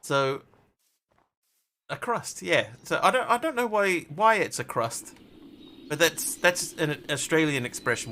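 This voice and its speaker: Bright-voiced man rambling while he streams a game. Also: a little high, expressive, a little slow, long pauses. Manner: rambling, jokey, chatty with viewers. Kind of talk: casual live-stream chat while playing.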